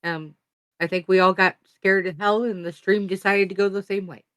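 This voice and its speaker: Brief: woman co-host, mid-pitched, dry close sound, chatty with many ums. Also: fairly even intonation, moderate pace, a bit bright, no echo. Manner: chatty with frequent filler words. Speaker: co-host of a writing prompt stream. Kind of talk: casual chat.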